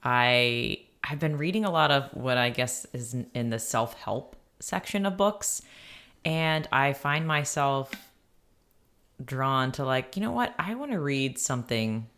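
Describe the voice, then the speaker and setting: A woman's voice: a bass voice, animated, a little slow, a bit bright. A woman co-hosting a podcast in casual chat, giggling often and talking with many fillers. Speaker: podcast co-host.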